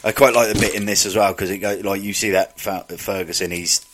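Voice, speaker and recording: A man's voice: fairly low pitch, fairly even intonation, a little fast, noisy background. A man casually recapping a film, retelling scenes and acting out the characters' lines.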